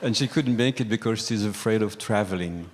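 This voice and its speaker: A man at a retreat, talking hesitantly with a few chuckles and reading verse aloud haltingly. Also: fairly low pitch, in a large hall, background noise. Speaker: retreat participant. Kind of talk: casual conversation and poetry reading.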